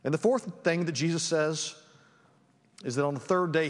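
A man's voice: fairly high pitch, moderate pace. A man preaching a sermon as pastor, reading scripture and then teaching on it in an earnest, emphatic way, often restarting his words. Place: church sanctuary. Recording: long church reverb.

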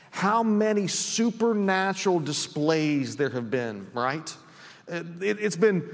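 A man preaches to his congregation with a high, earnest voice, circling back on words as he builds each point. His sermon rings out in a church sanctuary with a long reverb tail. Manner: earnest, repeats words when stressing points. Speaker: pastor.

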